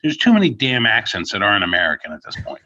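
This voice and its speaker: A man's voice: on the low side, big pitch swings, quick pace, bright, forceful tone, dull audio. A man co-hosting a wrestling podcast in casual chat, with a wry, sarcastic delivery. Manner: wry, sarcastic, frequent laughter.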